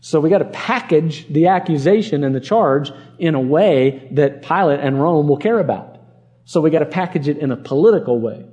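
Earnest preacher guy, mellow voice on the high side, leans on repeated words. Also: animated, normal speed, muffled recording. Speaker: pastor. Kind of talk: expository sermon.

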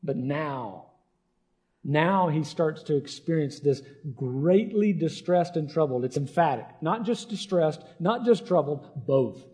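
Male pastor, slightly high, mellow tone, earnest conversational sermon delivery. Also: lively intonation, unhurried. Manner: earnest, conversational preaching with frequent "right?".

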